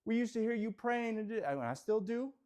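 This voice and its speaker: A man leading a real estate team in a motivational talk, energetic and swinging from quiet reflection to shouted affirmations, in an office. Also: sits high, normal speed.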